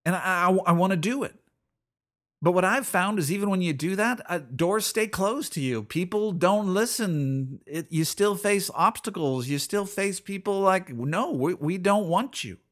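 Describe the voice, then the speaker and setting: Middle-aged male podcast host, slightly higher voice, earnest and searching, restarts and repeats lines. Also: normal speed, a bit bright. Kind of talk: personal faith reflection.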